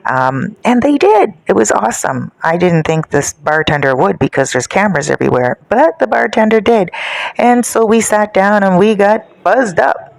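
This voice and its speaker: A woman narrating a dark first-person story in a casual, gossipy, self-satisfied way. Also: deep voice, normal speed, creaky, dry recording, poor audio.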